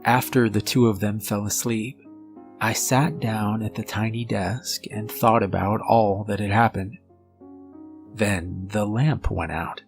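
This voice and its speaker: A man giving a measured, scripted first-person narration of a horror story. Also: lowish voice, steady tone, gravelly. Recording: faint music bed under voice. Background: soft background music.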